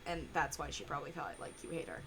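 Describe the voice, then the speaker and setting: A woman giving casual, rambling reaction commentary full of fillers and pauses. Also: sits low, expressive, a bit bright, a little hiss or hum. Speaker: reaction video host.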